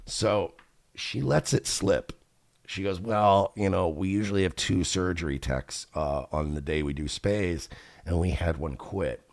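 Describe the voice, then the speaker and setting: A man's voice: low-pitched, slow pace, long pauses, no echo, studio quality. A man hosting a radio show, telling a profane, exasperated story and acting out both sides of the conversations. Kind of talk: casual storytelling rant.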